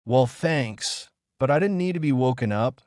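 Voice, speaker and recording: A man voicing a calm, guarded teenage boy ninja who speaks nonchalantly in a fan fiction reading. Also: medium pitch, normal speed, no echo, studio quality, voice pushed up, close to an everyday voice.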